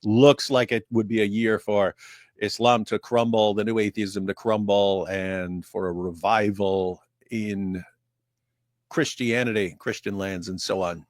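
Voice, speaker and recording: A man's voice: on the low side, fairly even intonation, unhurried, dry recording, studio quality. A man co-hosting a casual livestream, talking things through with restarts. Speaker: livestream co-host.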